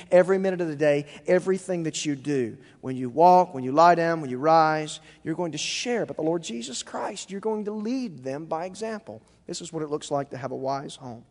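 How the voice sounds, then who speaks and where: A male pastor preaching a sermon emphatically, rising to near-shouts and then dropping low. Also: animated, fairly quick, hardly any pauses, in a large hall.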